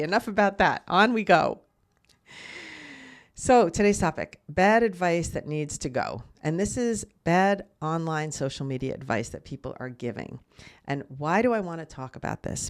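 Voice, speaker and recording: A middle-aged woman hosting a casual solo podcast, telling a rambling story and often restarting and correcting herself. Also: low voice. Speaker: podcast host.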